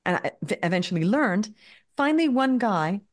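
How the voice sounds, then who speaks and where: A woman's voice: medium pitch, big pitch swings, normal speed. A woman in her fifties, a podcast guest telling chatty anecdotes full of "like" and "you know.". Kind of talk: casual storytelling interview.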